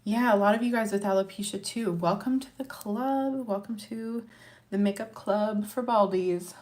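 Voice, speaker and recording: A woman's voice: mid-range voice, moderate pace, darkish tone. Chatty woman vlogger doing a makeup tutorial. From Montana, USA. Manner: chatty, encouraging, talks while working. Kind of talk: casual makeup tutorial talk.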